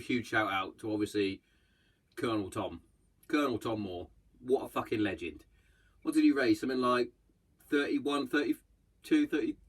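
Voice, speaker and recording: A podcast host with a mid-range, breathy-edged voice chats casually on his solo show, blunt and heavily sweary. He acts out bits of what others said in quick voices.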